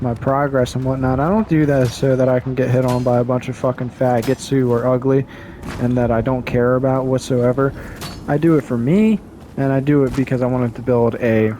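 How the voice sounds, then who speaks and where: A man's voice: mid-range voice, mellow. A man with an ordinary mid-range voice rants casually to his camera. His delivery is blunt, profane and rambling, full of restarts. A faint hiss sits under the voice. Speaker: vlogger.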